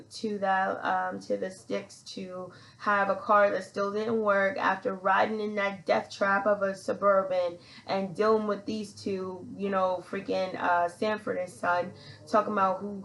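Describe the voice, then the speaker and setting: A woman's voice: mid-range voice, vocal fry, a bit bright, rough recording. A woman hosting a podcast, telling a personal story in a rambling, chatty way and calling herself "your girl". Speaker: podcast host.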